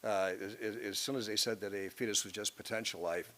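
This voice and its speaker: A man's voice: lowish voice, fairly even intonation, fairly quick, sharp tone. A male law professor giving a lecture to a room, reading from a court opinion and breaking off into asides full of hesitations and restarts.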